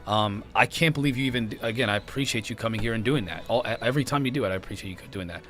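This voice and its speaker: A man's voice: fairly low pitch, very fast, a bit bright. A man hosting a casual podcast, rambling and often restarting his sentences. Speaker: podcast host. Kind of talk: casual conspiracy podcast chat.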